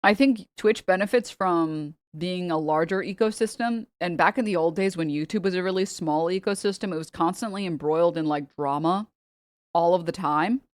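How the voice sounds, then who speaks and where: A woman's voice: on the low side, normal speed, no room sound. A woman streamer in casual chat, joking and teasing, laughing often.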